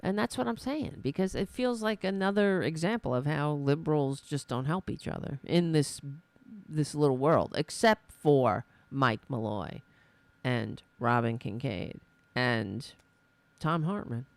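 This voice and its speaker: New york lady ranting on her podcast, gravelly voice, slow, dry close sound. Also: sits low, expressive, dry recording. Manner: frustrated, ranting, self-deprecating. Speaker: podcast host. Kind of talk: solo political commentary.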